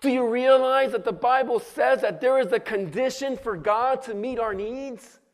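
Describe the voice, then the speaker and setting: A man with a very high voice preaches a rousing sermon from the pulpit. He stirs up his congregation and keeps asking them to answer him back. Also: normal speed. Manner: rousing, calls on the congregation to respond. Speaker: pastor.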